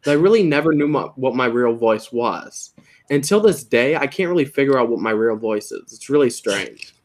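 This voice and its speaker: A young man chatting casually while building Lego, rambling and laughing easily, his words a little soft and slurred. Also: medium pitch, animated, moderate pace. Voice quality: soft, slightly slurred when quiet. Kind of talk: casual chat.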